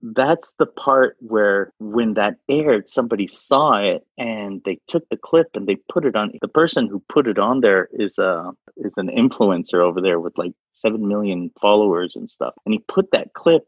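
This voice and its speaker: Lower-voiced Saudi man telling a story. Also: normal speed, hardly any pauses, slightly rough, no room sound, highs cut off. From Saudi Arabia. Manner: animated, laughs often, acts out quoted voices. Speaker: interview guest. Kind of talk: casual storytelling interview.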